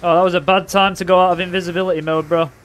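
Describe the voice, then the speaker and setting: A young man casually commentating his own racing game, playful and excitable, with loud bursts of trash talk. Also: sits high, racing. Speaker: gaming commentator.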